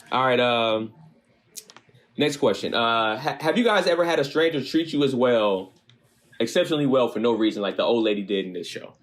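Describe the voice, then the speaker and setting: A man in his thirties, co-hosting a podcast, telling a story in casual chat, animated and swearing freely. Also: mid-range voice, normal speed, pauses often. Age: 30s. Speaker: podcast co-host.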